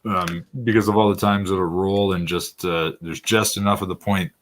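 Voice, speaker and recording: A man's voice: low-pitched, fairly even intonation, moderate pace. A man chatting casually as a guest angler on a live stream, laid-back and chuckling. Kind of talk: casual chat.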